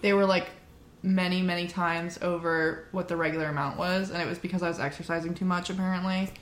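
A woman's voice: on the low side, fairly even intonation. Chatty young woman in an echoey room. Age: young adult. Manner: chatty, lots of "like", quick laughs. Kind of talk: casual chat.

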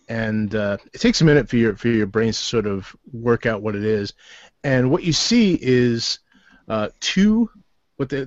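A man narrating a tabletop game as game master, halting often with fillers and restarts. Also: mid-range voice, no room sound. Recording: dull, lo-fi and dry.

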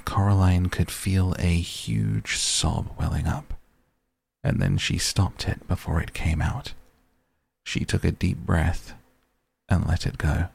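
Deep gravelly guy reading a storybook slow, kinda husky. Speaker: narrator. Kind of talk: audiobook narration.

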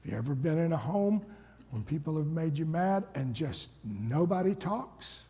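A man preaching a dramatic storytelling sermon, swinging from loud to hushed. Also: a little high, animated, normal speed. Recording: long reverb of a large hall.

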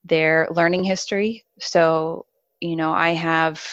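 A woman's voice: sits low, little pitch movement, slow pace, no room sound, dull audio. A woman who trains horses, talking in a friendly, rambling way with frequent laughs in casual conversation.

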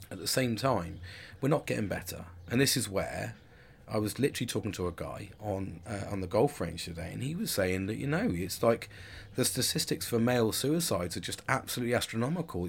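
A man's voice: fairly low pitch, creaky, slightly rough. A man in his forties talking candidly in a rambling personal monologue, with frequent restarts and casual swearing. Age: 40s.

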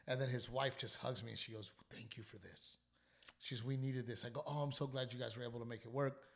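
This mid-range male voice moves at a quick pace. He's a comedian who hosts a podcast, hails from South Texas, and, while sick and tired, tells a story in casual talk marked by swearing, energy, and repeated restarts.

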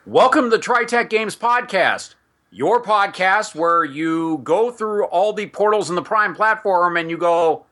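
A man with a bright, forceful, fairly high voice hosts a tabletop role-playing podcast. He rambles casually, throws asides to listeners, and reads lore passages aloud. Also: unhurried. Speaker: podcast host and game master. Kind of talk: casual chat mixed with reading setting text aloud.

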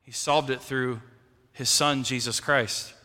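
A male pastor delivers an impassioned sermon in a church, his bright, forceful voice ringing with a long reverb. He swings between hushed, low moments and raised, emphatic bursts. He often repeats a word as he starts a new thought. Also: fairly even intonation, takes it slowly. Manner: impassioned preaching, swinging from quiet to loud; repeats words when starting phrases. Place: church sanctuary.

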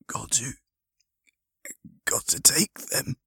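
A man's voice: medium pitch, expressive, slow pace, gravelly, sharp tone, slightly rough, dry recording, voice pushed up, heavily acted. Man putting on a hurt guy barely whispering, breathless, desperate, dry close sound. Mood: urgent. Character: injured man near death, whispering urgently.

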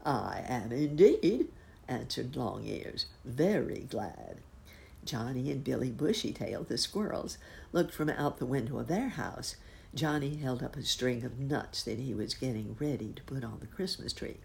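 Very low, gravelly woman narrating a storybook. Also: normal speed. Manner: expressive, lively reading.

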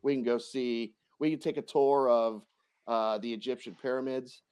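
A man working as a dating coach, answering interview questions in a lively, profane way and often laughing. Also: medium pitch, moderate pace, clear, resonant tone.

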